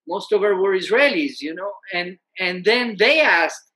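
A man, a musician and peace activist, telling a story as a guest in an animated, conversational way, often saying "you know". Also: sits high, moderate pace.

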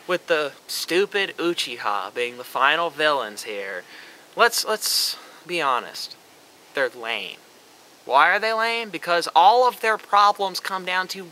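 A man rants in a sarcastic, swearing commentary with a very bright, cutting tone. His voice sits a little high for a man, and he keeps mocking what he criticizes. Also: lively intonation, unhurried, a little hiss or hum, poor audio. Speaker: vlogger. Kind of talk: ranting commentary.

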